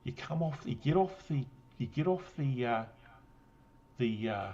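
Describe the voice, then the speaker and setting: A man's voice: medium pitch, expressive, a little slow, a little mellow, lo-fi sound. A man with a New Zealand accent chatting casually on a stream, rambling, swearing and laughing often after a drink. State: had a drink. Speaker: guest on a livestream. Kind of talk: casual chat.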